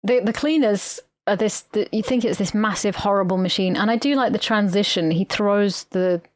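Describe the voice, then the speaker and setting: A woman's voice: medium pitch, moderate pace, no echo, studio quality. A woman co-hosting a podcast, retelling a film in a rambling, sweary way. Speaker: podcast co-host. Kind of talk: casual film-recap chat.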